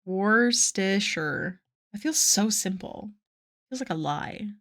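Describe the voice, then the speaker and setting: A woman on a home live stream, chatting easily with her viewers and laughing often. Her voice sits at a middling pitch, and she answers the chat as it comes in. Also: big pitch swings, measured pace. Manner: chatty, giggly, reads chat aloud. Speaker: art streamer.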